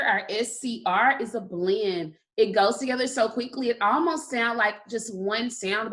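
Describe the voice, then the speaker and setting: A woman's voice: on the high side, fairly bright tone. A woman teaching a kindergarten phonics lesson, patiently stretching out sounds and praising often. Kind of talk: slow phonics lesson for young children.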